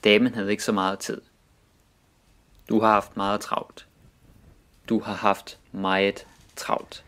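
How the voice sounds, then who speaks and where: A man with a low voice reads short example sentences at a slow, careful pace. Each sentence comes twice, clearly spaced out for learners. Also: little pitch movement, fairly bright tone. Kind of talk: reading Danish example sentences.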